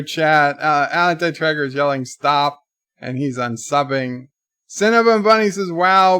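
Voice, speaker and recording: A man's voice: on the high side, a bit bright, no echo. A man hosting a casual livestream who reads viewers' chat messages aloud and answers them. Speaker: livestream host.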